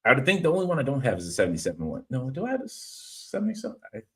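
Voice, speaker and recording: A man's voice: mid-range voice, racing. A man hosting a casual podcast, telling stories with lots of "I was like" and reading viewer comments aloud. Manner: animated storyteller, reads chat comments aloud. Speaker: podcast host. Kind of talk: casual chat.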